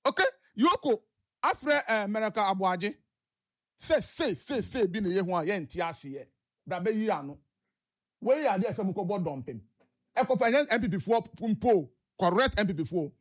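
High-voiced impassioned Ghanaian man. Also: animated, a little fast. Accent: Ghanaian English. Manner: impassioned, with repeated rhetorical questions and restarts. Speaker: caller. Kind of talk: heated political talk-radio commentary.

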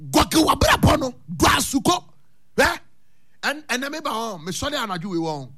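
Husky high-voiced preacher. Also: male voice, lively intonation, brisk, bright, forceful tone. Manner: preaching, mixing languages, chanting lines for echo. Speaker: radio pastor. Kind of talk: radio sermon with call and response.

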